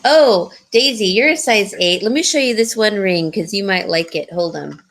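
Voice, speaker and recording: A woman's voice: mid-range voice, lively intonation, normal speed. A woman hosting a live jewelry sale, chatting casually and giggling, rambling with fillers. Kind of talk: casual live-stream sales chat.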